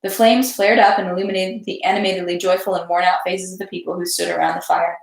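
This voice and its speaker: A woman reading a classic novel aloud in a steady voice, then chatting casually about the story. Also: fairly low pitch, quick pace, vocal fry. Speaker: read-aloud host. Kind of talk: literary narration, then casual chat. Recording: roomy echo.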